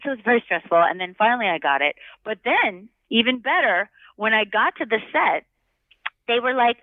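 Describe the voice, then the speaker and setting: A middle-aged woman, a guest actress, telling stories in an animated, chatty way and acting out other people's lines. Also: fairly high pitch, fairly quick, no echo. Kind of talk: podcast interview storytelling. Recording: tinny phone-like line.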